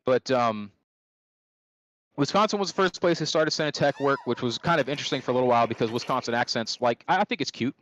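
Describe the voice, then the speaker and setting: A man's voice: medium pitch, lively intonation, fast talker, fairly bright tone, dull audio, a little hiss or hum. A man from California chatting casually over gameplay, ranting profanely with many restarts. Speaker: streamer.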